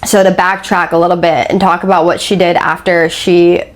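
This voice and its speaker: Woman storyteller, lower voice, casual and chatty, acts out the quotes. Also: level tone, normal speed. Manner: chatty, many "like" fillers, acts out quoted speech.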